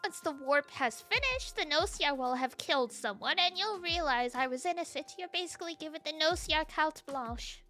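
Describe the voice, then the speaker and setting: A woman's voice: sits high, animated, normal speed, hardly any pauses, sharp tone, faint music behind, voice pushed up. A woman voicing a snide, suspicious man in a game, sneering and dismissive. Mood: bitter. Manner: sneering, dismissive, drops to a mutter.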